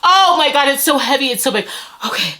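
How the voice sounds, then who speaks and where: A woman's voice: sits high, very animated, brisk, sharp tone, a little hiss or hum. Gushing woman unboxing book mail. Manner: gushing, breathless exclamations, stumbles over words. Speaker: book vlogger. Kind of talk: excited unboxing chat.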